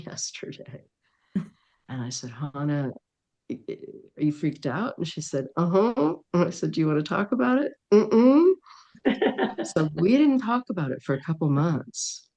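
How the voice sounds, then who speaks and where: A woman's voice: sits low, warm tone, lo-fi sound. A middle-aged woman, a podcast guest, telling a personal story in an interview, acting out the dialogue and laughing often. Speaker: podcast guest, dream worker.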